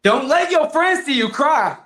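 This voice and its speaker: A woman's voice: high voice, expressive, measured pace, a bit bright, echoey room, voice pushed up. A man voicing his stern mother, who firmly scolds her big son. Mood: insistent. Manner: firm, insistent commands.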